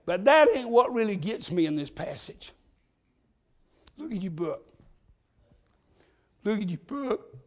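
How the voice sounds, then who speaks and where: A man preaching a sermon, telling folksy stories and rising into shouts. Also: high voice, very animated, unhurried, long pauses.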